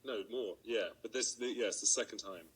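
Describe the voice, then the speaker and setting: A man's voice: lowish voice, brisk, husky, poor audio. A man with an English accent, talking hesitantly and self-deprecatingly on a panel. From England. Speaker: actor on a panel. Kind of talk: casual panel talk.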